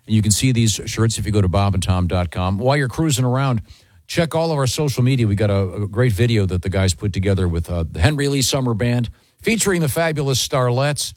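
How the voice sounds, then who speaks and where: A man's voice: medium pitch, dry recording, clean studio sound. A man hosting a morning radio show, chatting and reading a live ad with many fillers. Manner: relaxed, halting with fillers.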